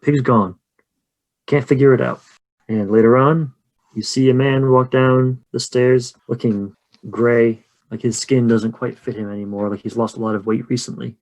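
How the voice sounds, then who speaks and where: A man narrating a tabletop horror game as game master, with slow, measured description and often dropping quiet. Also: mid-range voice, steady tone.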